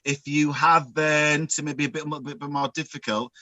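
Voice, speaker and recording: Bright camp Northern man on a video call. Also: a little high, fairly even intonation, moderate pace, dry recording, low-quality recording. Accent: Northern English. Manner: camp, chatty, giggly, calls people girl and love. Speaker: guest drag makeup artist. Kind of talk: casual video call chat. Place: home, over video call. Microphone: computer mic on video call.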